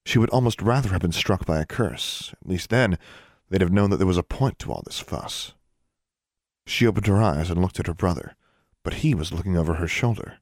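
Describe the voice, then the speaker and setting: A man reading a fantasy novel aloud in a steady, measured storytelling manner. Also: low-pitched, no echo, studio quality. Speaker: narrator. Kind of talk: audiobook narration.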